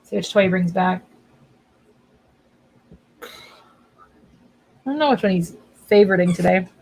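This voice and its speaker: A woman's voice: fairly low pitch, a little slow, vocal fry, a little mellow, a little hiss or hum, poor audio. A woman author chatting casually on a livestream from home, talking to her dog while she waits for viewers.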